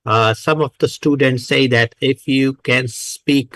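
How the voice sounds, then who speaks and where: Slow, hesitant male moderator. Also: medium pitch, steady tone, creaky, a bit bright, dry recording. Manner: hesitant, polite. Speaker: session moderator. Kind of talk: moderator remark.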